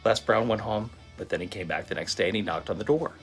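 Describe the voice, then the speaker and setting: A man telling a motivational story in a vivid, animated storytelling manner. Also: fairly low pitch, quick pace. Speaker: motivational speaker. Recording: faint guitar music behind. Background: soft guitar music.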